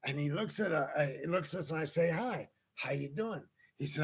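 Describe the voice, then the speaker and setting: A man's voice: on the high side, fairly quick, few pauses, fairly bright tone, husky. A man hosting a casual talk show, telling a long anecdote and acting out the people in it. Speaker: podcast host. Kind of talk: casual storytelling chat.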